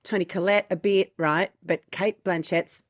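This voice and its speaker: Woman, low voice, podcast voice actor, chatty and explanatory, dry close recording. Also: fairly even intonation, unhurried, dry recording. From Australia. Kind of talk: casual chat.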